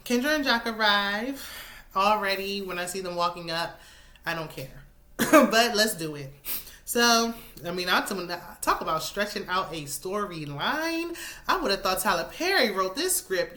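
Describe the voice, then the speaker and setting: A woman, casually recapping a reality show with sassy, animated asides. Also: medium pitch. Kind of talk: casual chat.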